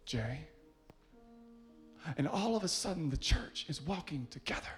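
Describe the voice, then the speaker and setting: A man preaches with rising fervor, his voice sitting a little higher than most. He calls out to the congregation in rhythmic bursts that swell into loud climaxes, with soft music faintly underneath. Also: lively intonation, a little slow. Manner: leads the congregation, calling people up by name. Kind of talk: sermon.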